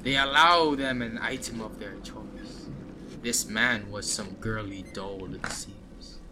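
A man voicing a proud, gruff, gigantic male dwarf boatman who speaks slowly and bluntly. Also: lowish voice, background noise. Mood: dry.

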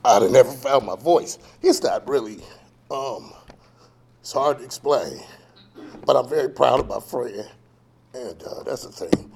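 A man on the verge of tears speaking about a friend, halting, clearing his throat and apologizing as he tries to keep going. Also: mid-range voice, animated, a little mellow, slight background noise. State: emotional, fighting back tears. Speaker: poet honoring a friend. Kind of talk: emotional tribute speech.

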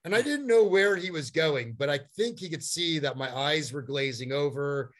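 A middle-aged man telling a long story as a guest, animated and rambling, with many fillers and restarts. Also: a little high, moderate pace. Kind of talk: storytelling in a conversation.

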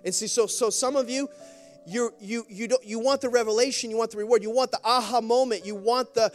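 A man's voice: very high voice, steady tone, brisk, soft background music. A man preaching a sermon as a pastor in a church, talking in a conversational storytelling way, with lots of repetition and calls for the congregation to respond.

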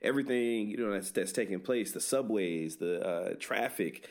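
Deep-voiced man, talky explainer who stumbles over repeated words. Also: normal speed, a little mellow. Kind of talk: casual chat.

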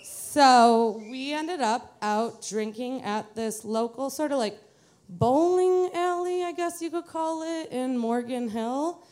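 A woman's voice: fairly high pitch, slow, few pauses, a little mellow. A young adult woman from the Detroit area, telling a live personal story to an audience in a chatty, self-mocking way. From Metro Detroit, USA.

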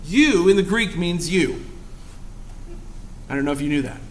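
A young man preaching a sermon with passion, moving between loud exclamations and hushed asides. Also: fairly high pitch, animated, normal speed.

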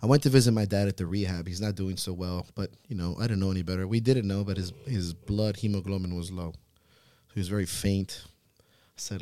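Thirties male podcast host, earnest storyteller, low register, dry close mic. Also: steady tone, warm tone, dry recording. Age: 30s. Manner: earnest, swears freely, halting restarts. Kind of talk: emotional personal storytelling. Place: podcast studio.

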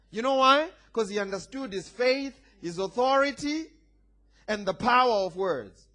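A man with a high voice preaches a sermon with emphatic, animated delivery. He swings between loud declarations and quieter, playful asides, calling on the congregation to answer back. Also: unhurried. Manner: emphatic preaching with call-and-response. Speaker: pastor.

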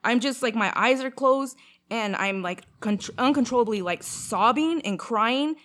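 A young woman from Canada, her voice fairly high and her pace unhurried, tells a long personal story in a relaxed chat. She stays animated throughout, leaning on fillers and acting out quotes.

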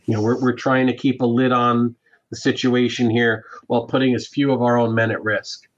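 A man plays a stern Roman commander in a tabletop game, laying out a tense situation in a measured, matter-of-fact way. His voice sits in a middling pitch. The recording is dull and lo-fi. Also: little pitch movement, natural voice. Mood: grim, businesslike. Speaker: game master voicing a character.

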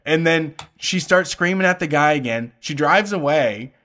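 Animated, profane man telling a story. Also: on the high side, moderate pace. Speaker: storyteller in casual conversation. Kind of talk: casual chat.

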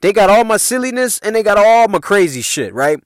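A man's voice: sits high, big pitch swings, brisk, no room sound, clean studio sound. A man in his forties from Chicago, with a Chicago accent, hosting a casual storytelling podcast in a loose, profane way and laughing at his own jokes. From Chicago, USA. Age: 40s. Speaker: podcast host.

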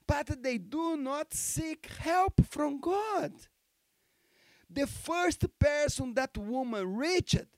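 Emphatic pastor preaching, high and very slow. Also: male voice, dry recording. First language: Portuguese. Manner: emphatic, repeats key phrases, calls for amens. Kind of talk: sermon. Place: church.

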